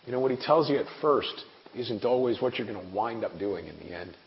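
A man's voice: on the low side, fairly quick, gravelly. A man in his forties preaching a sermon in an earnest, conversational way with wry asides. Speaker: preacher and missionary. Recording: echoey hall, dull lo-fi sound, faint hiss.

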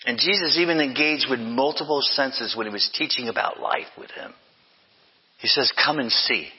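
A man's voice: medium pitch, moderate pace, breathy edge, in a large hall, muffled recording. An older man preaching a sermon as pastor, emphatic, with repeated refrains and self-corrections.

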